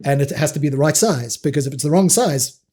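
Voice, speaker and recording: A South African man, middle-aged and a guest on a podcast, spins animated anecdotes full of restarts and quick laughs. His voice sits a touch high for a man, yet the tone is dark and husky. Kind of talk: casual interview storytelling.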